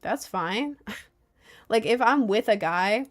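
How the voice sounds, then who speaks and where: A woman's voice: a little high, animated, takes it slowly. Chatty young woman streamer, rambling. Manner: rambling, lots of fillers, laughs often. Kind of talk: casual chat, reading viewer messages.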